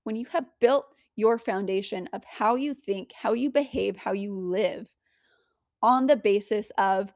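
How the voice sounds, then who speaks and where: A woman's voice: medium pitch, a little slow, creaky, dry recording, studio quality. A woman giving motivational spiritual teaching in an earnest, conversational way, full of rhetorical questions.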